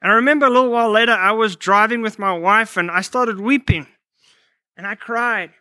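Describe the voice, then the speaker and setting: A man's voice: sits high, brisk, sharp tone, no room sound. A man preaching a sermon, telling personal stories and quoting scripture, with frequent restarts and fillers.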